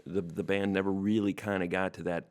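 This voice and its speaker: A man co-hosting a talk show, asking questions in a measured, hesitant way. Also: deep voice, little pitch movement. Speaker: co-host. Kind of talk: interviewing.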